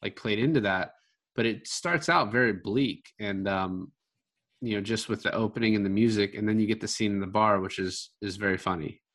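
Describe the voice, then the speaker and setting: A man's voice: on the low side, normal speed, fairly bright tone. A man co-hosting a podcast, chatting casually about a film in a rambling way full of filler words. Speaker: podcast co-host.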